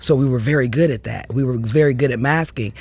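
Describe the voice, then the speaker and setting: A woman's voice: rumbling low, quick pace, a little mellow, husky. A woman speaking as a podcast guest in an emotional conversation, earnest and heartfelt with casual slang.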